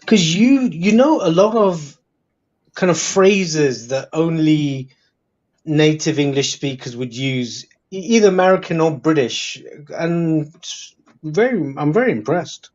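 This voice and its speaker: A man's voice: on the high side, animated, a little slow, darkish tone, highs cut off. A man in casual chat, asking curious questions and paying compliments. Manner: inquisitive, complimentary. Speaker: chat participant.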